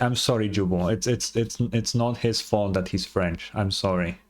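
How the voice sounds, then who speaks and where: A man's voice: deep voice, unhurried, pauses often. A man from Europe streaming a game, rambling casually and repeating himself as he answers chat. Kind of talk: casual live-stream commentary.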